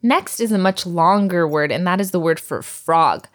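Patient woman teaching vocabulary, low voice. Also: moderate pace. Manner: patient, drills words, laughs often. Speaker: language teacher. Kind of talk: recorded language lesson.

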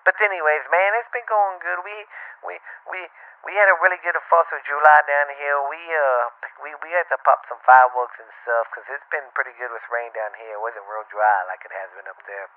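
A man's voice: fairly high pitch, normal speed, no room sound. Man, boisterous and rambling, recorded dry over a tinny, phone-like line. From Louisiana. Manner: boisterous, rambling, calls listeners "baby". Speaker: regular segment host. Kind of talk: casual podcast chat. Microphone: recorded on a laptop.

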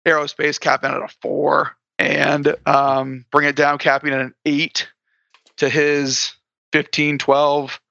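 Man, higher bright voice, casual podcast recap, dry and dull lo-fi audio. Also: completely flat delivery, slow, gravelly, dry recording. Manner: recounting with restarts, light laughter. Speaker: guest player.

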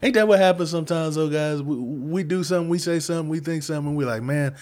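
A man's voice: a little high, fast, darkish tone. A man telling a Bible story in a casual, slangy way, often saying "man" and acting out the characters' lines in conversation. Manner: slangy, laid-back, says "man" a lot. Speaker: Bible study speaker.

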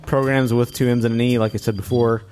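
A man co-hosting a podcast, chatting casually and teasing his friends in lively banter. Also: mid-range voice, fast talker, faint music behind. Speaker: podcast co-host. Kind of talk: casual chat.

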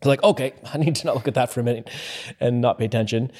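A man hosting a casual podcast, telling a long story with lively energy. His voice sits at an ordinary middle pitch for a man. He acts out what he said back then as he goes. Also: fast talker. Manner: animated storyteller, acts out his own past lines. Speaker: podcast host.

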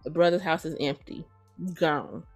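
A woman hosting a podcast who retells a story in a casual, animated and profane way. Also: sits low, normal speed, faint music behind. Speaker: podcast host. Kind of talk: casual chat.

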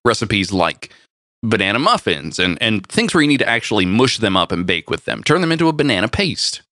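A man co-hosts with a bright voice and lively pitch, explaining things in a deadpan, joking way. Close, dry recording. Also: a little fast, no echo. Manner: deadpan absurd jokes, explanatory. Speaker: co-host of a cooking show. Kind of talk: casual banter.

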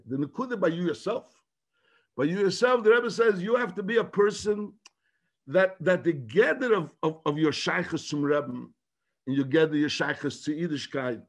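A man, a rabbi, giving a talk in English mixed with Yiddish, halting and repeating himself, then rising into emphatic bursts. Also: sits high.

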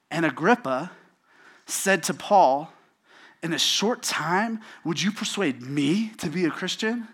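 A young man preaching a casual sermon, telling stories in a lively way and acting out quotes. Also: medium pitch. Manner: animated storytelling, acts out quotes.

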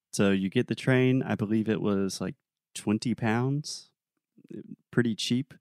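A young adult man co-hosting a podcast, telling a story in a relaxed, casual way with plenty of fillers. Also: lowish voice, unhurried, dry recording, studio quality. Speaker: podcast co-host.

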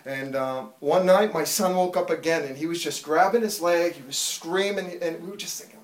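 A man in his thirties giving a fervent testimony in church, building from storytelling to loud, pleading prayer. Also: fairly high pitch, fairly quick, few pauses, echoey room, recorded from a distance. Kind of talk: preached testimony.

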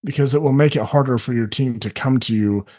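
A middle-aged man who works as a life coach, talking earnestly on a podcast and often acting out other people in quick asides. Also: medium pitch, a little mellow. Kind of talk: candid podcast conversation.

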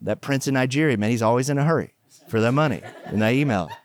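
A middle-aged man preaching a conversational sermon, mixing jokes and animated asides with scripture. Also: mid-range voice, quick pace, slight background noise. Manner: joking, animated asides, chatty fillers. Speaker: pastor.

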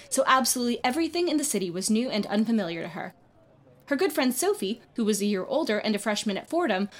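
A woman reading a short story aloud as narrator, in an expressive, lively storybook style. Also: on the high side. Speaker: audiobook reader.

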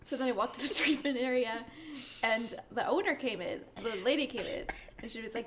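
A woman's voice: fairly high pitch, a little fast. Giggly young woman, faint background hiss. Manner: relaxed, many "like" fillers, giggles. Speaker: podcast co-host, veterinary clinic worker. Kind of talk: casual storytelling chat.

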